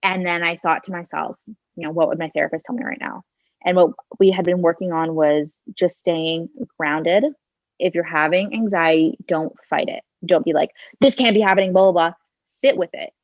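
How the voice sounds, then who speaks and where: As a podcast guest, a woman in her twenties tells a personal story chattily, leaning on "like" and "kinda" and acting out her own thoughts. Her voice is fairly low, with fairly even intonation at normal speed. Recorded on a handheld phone, it sounds dull and lo-fi with no room echo.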